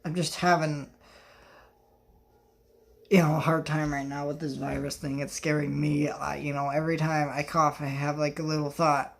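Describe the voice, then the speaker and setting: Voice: medium pitch, level tone, moderate pace, creaky. A young adult movie vlogger chatting casually and rambling at home, talking while going through a disc collection. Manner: rambling, talks while handling discs. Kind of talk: casual vlog chat. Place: home, indoors.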